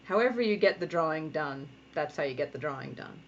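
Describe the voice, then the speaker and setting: Rhode island lady in her 30s doing a drawing tutorial from home, lowish voice, kinda muffled lo-fi audio with faint hiss. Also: animated, fairly quick. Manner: chatty, encouraging, thinking aloud while drawing. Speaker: comic artist. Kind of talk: live draw-along tutorial. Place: home studio. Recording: dull lo-fi sound with faint noise.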